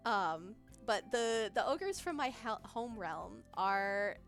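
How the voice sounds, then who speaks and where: A woman's voice: medium pitch, very animated, drawn-out words, a bit bright. A woman streaming as a vtuber, chatting casually, giggling often and losing her train of thought as she reacts to chat. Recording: faint background music.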